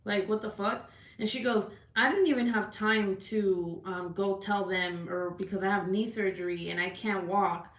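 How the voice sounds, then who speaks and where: A woman telling a story in a casual rant, animated, swearing a lot, with many "like"s and "right?"s. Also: mid-range voice, normal speed, roomy sound. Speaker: vlogger. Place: at home.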